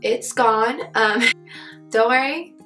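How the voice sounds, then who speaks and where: A young woman with a cold talks in a chatty, upbeat way as she reviews books in her vlog, her voice husky and hoarse. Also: a little high, takes it slowly, a bit bright. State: sick with a cold. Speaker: book vlogger. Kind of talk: casual book review vlog. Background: faint background music.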